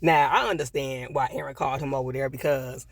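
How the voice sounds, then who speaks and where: A man's voice: mid-range voice, steady tone, a little fast, no room sound. A man giving a casual, blunt TV episode review, swearing freely and repeating his points for emphasis. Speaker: TV show reviewer.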